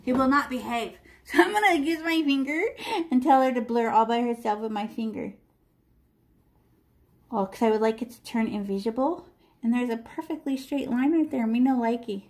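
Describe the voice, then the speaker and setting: A woman's voice: on the high side, normal speed, darkish tone. A middle-aged woman teaching children to paint, chatty and playful, talking through every brushstroke as she works. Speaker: art teacher. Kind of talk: live art lesson to children.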